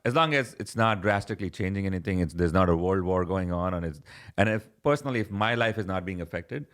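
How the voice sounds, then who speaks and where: Man, Indian accent, very low voice, candid, casual interview guest. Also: fast. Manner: relaxed, candid, restarts often. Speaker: guest, stand-up comedian.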